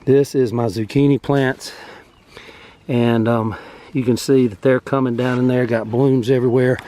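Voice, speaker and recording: A farm vlogger, a man with a medium-pitched, dark-toned voice, strolls outdoors through his vegetable garden while talking casually. He speaks at a normal speed with a flat delivery, sounds out of breath, and rambles easily with plenty of fillers.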